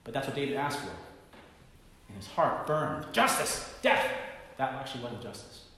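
A pastor preaching a sermon, telling a story dramatically and swinging from hushed tones to loud bursts. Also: male voice, medium pitch, normal speed, slight background noise. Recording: very echoey hall reverb.

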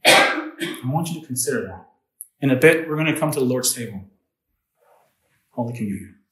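A man's voice: mid-range voice, animated, normal speed, a bit bright. Man preaching in an echoey church. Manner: conversational, asks the congregation questions. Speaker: pastor. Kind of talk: sermon.

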